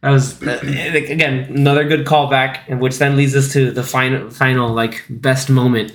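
A man's voice: medium pitch, level tone, moderate pace, a bit bright. A man in his thirties hosting a casual podcast chat, talking loosely with lots of fillers and acting out quotes in little put-on voices. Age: 30s. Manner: chatty, acts out lines from the film in quoted voices. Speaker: podcast host.

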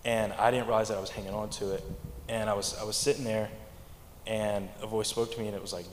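A young man tells his church testimony in a low, quiet voice, stumbling and repeating words as he goes. His voice rings in an echoey hall, with a faint hum of ambience behind him. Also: level tone. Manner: halting, repeats words, speaks mostly quietly. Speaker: congregant giving testimony.

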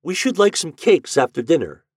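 A man's voice: on the high side, sing-song, normal speed, darkish tone, slightly rough, no room sound, studio quality, voice pushed up. A man voicing an earnest little boy who has run away to be married, speaking in a raised, bossy tone. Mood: commanding. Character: bold little boy eloping, earnest and commanding.

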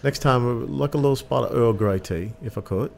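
A man's voice: mid-range voice, brisk, creaky, darkish tone, a little hiss or hum, lightly acted. A man putting on a jokey British voice as a man who wants his cup of tea. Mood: playful. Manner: playful mock-British.

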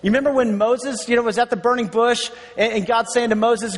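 A man with a notably high voice preaches a sermon in a relaxed, conversational way, repeating key words for emphasis and chuckling between points. His voice carries a long, echoing reverb from a large church hall. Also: fairly quick, few pauses. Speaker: pastor.

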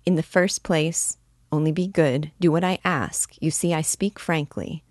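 A woman voicing a frank, cautious young woman in an audiobook reading, measured and gently firm. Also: sits low, steady tone, no room sound, clean studio sound.

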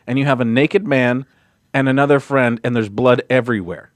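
Fast-talking man in casual podcast chat. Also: dry recording. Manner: animated storyteller, jumps into high-pitched quoted voices. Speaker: podcast guest.

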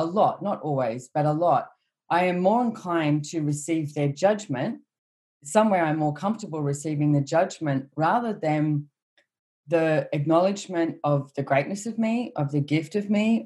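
A woman's voice: low voice, mellow. A woman co-hosting a casual chat, enthusiastic and encouraging, speaking directly to listeners. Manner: enthusiastic, encouraging, talks to the audience. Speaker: co-host and facilitator.

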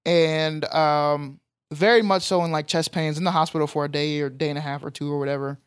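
A young man tells a story on a podcast, animated and emphatic. His voice sits fairly high for a man. The sound is close and dry, with no room echo. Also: a little fast, clear, resonant tone. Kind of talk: casual storytelling chat.

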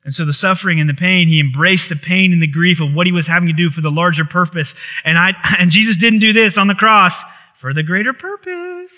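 Bright-voiced, high-pitched male preacher. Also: brisk. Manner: impassioned preaching with rising intensity and repetition. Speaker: pastor. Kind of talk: sermon.

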